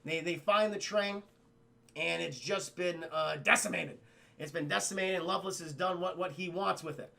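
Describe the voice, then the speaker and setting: A man recapping a film scene by scene for his live stream chat, animated and profane, mimicking characters as he goes. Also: high voice, normal speed, creaky.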